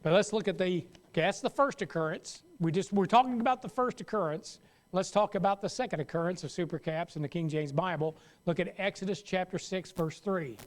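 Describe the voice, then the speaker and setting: A man's voice: high-pitched, a little fast. A man pastor teaching a Sunday school Bible lesson in a loose, conversational way, often stopping mid-sentence to restart.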